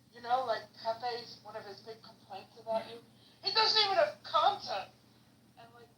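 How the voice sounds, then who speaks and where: An excitable woman chats away in a casual room. Her voice is lively and animated, with a bright tone. She sounds echoey and distant. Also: a little high, slight background noise. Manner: excitable, talkative. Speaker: room participant. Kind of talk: casual chat in a live audio room.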